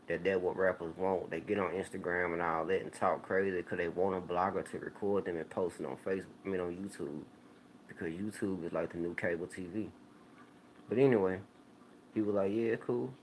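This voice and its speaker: Laid-back deep-voiced man rambling to camera. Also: a little hiss or hum. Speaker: YouTube channel host. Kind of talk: casual talk to viewers.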